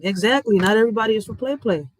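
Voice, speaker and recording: A woman's voice: fairly high pitch, rapid-fire, dry recording, rough recording. A woman giving blunt, heated commentary as a vlogger, ranting emphatically. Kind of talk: heated social media commentary.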